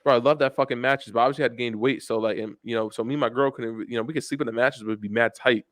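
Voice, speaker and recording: A man's voice: mid-range voice, fairly even intonation, very fast, fairly bright tone, no room sound, clean studio sound. A young man co-hosting a podcast, telling rambling, profane stories in casual chat and calling everyone "bro". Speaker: podcast co-host.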